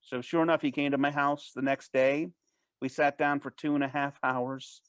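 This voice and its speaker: A man as an interview guest, telling a personal story in a casual, animated way, with frequent restarts and false starts. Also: medium pitch, clear, resonant tone, dry recording. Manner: animated, fast-paced anecdote telling.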